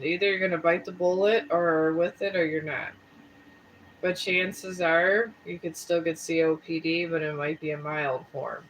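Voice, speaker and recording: A woman's voice: deep voice, slight background noise, rough recording. A woman chatting casually on a live stream, rambling and folksy, a bit tired with a sore throat. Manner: rambling and folksy, talks straight to viewers. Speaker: live streamer and tarot reader.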